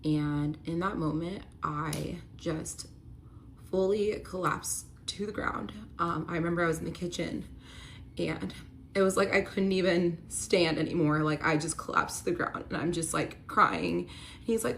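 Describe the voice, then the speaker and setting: A woman's voice: lowish voice, moderate pace, vocal fry, a little hiss or hum. A young woman telling a personal story to her viewers. She speaks candidly, with lots of likes and ums, and her voice rises and strains when she relives the fight.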